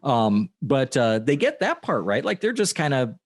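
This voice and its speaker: Male co-host, casual film chat, animated pitch, dry room sound. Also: moderate pace, dry recording. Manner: laughs often, animated, acts out quotes. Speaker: podcast co-host.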